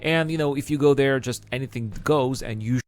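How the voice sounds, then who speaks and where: A man narrating a countdown list video, measured and explanatory as he makes his case point by point. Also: medium pitch, clear, resonant tone, dry recording.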